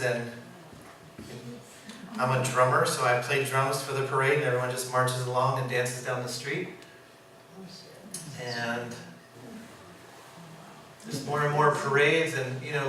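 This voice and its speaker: A man who works as a puppeteer, giving an informal, animated storytelling talk and laughing often as he acts out quotes. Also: mid-range voice. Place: presentation room. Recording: echoey room, mic far, background noise.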